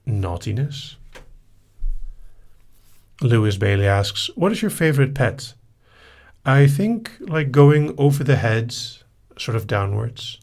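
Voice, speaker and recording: A man hosting a live session, reading listener questions aloud and answering them in a relaxed, casual way. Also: medium pitch, slow pace, long pauses. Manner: relaxed, reads out questions then answers briefly.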